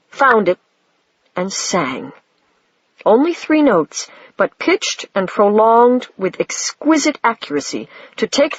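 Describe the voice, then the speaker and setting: An audiobook reader narrating a story in a measured, plain way. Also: medium pitch, a bit bright, no echo, lo-fi sound. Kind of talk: scripted narration.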